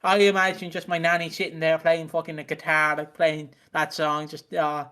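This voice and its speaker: Halting, filler-heavy podcast co-host. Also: mid-range voice, little pitch movement, sharp tone, clear, resonant tone. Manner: halting and filler-heavy, swears, muses aloud. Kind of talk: casual podcast chat.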